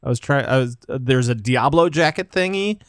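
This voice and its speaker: A man's voice: medium pitch, lively intonation, a little fast, dry recording, clean studio sound. A man guest on a casual podcast chat, rambling with lots of fillers and easy laughs. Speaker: guest panelist.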